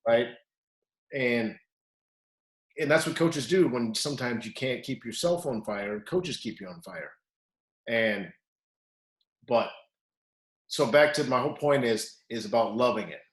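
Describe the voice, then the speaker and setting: A male wrestling coach tells stories in an easygoing, animated way, punching up quoted lines with sudden energy. His voice sits in a mid range and carries a noticeable room echo around it. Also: mid-range voice, unhurried, pauses often. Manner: animated, acts out quotes loudly. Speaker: wrestling coach, podcast co-host. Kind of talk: casual storytelling chat. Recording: echoey room.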